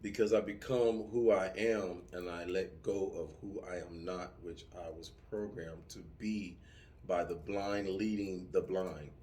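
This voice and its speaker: A middle-aged man talking casually, telling lively stories with profanity and acting out yelling soldiers. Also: deep voice, measured pace. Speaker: vlogger answering subscriber comments. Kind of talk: casual chat.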